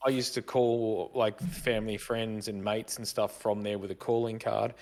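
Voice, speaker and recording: A man's voice: lowish voice, level tone, moderate pace, darkish tone. A middle-aged man co-hosting a casual podcast chat, rambling fondly through old memories. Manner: fond, rambling reminiscing. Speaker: podcast co-host.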